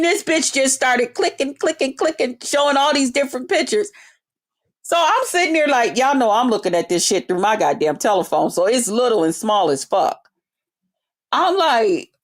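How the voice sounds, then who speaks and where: A woman telling a story in a loud, brash, profane rant. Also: sits high. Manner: loud, brash, heavy swearing, animated retelling. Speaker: vlogger.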